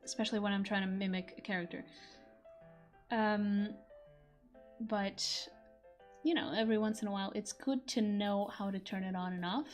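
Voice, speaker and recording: A young woman whose first language is Portuguese chats casually on a stream, wandering from thought to thought and swearing now and then. Her voice sits at a middle pitch and breaks into easy laughter. Faint music plays behind her. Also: fairly even intonation, normal speed, long pauses. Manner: chatty, rambling, laughs often and curses. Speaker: voice actor streaming a chat.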